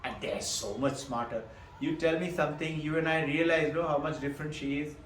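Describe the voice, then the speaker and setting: A man with a slightly high voice teaches on Vedanta, posing questions and answering them himself. He is recorded from a distance in an echoey room, with faint noise behind him. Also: fairly even intonation, fairly quick, fairly bright tone. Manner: laughs between points, adds "no?" tag questions. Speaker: spiritual teacher.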